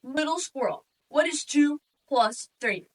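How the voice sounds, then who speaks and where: A woman playing an excitable, eccentric bohemian father who booms and drops into theatrical whispers, recorded from a distance. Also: unhurried. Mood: dramatic hushed. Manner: booming, theatrical, secretive whispers.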